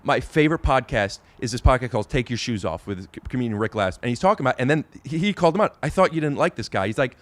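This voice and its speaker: A man's voice: medium pitch, animated, fast, few pauses. Hesitant, rambling male podcast host. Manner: rambling, hesitant, many restarts. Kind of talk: casual podcast chat.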